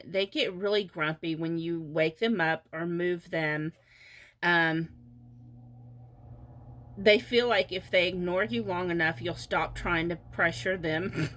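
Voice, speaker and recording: A woman doing a casual pick-a-card tarot reading, often laughing and pausing with fillers. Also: lowish voice, pushed and bright, slight background noise. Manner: giggly, halting with many fillers. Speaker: tarot reader.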